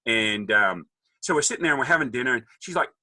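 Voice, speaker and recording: A middle-aged Australian man, a podcast guest, telling stories in a jokey, animated way and acting out the voices of people he quotes. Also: medium pitch, fast, dry recording. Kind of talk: casual storytelling.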